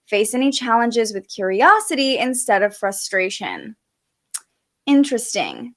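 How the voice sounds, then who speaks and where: A woman's voice: medium pitch, a bit bright. A young woman hosting a casual astrology livestream, chatting and reading viewer comments aloud, a bit sleepy.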